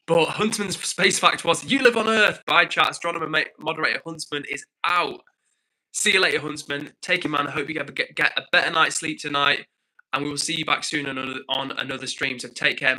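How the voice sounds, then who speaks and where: A man's voice: a little high, sharp tone, rough recording. A young man hosting a live stream, reading viewer comments in a friendly, upbeat, chatty way.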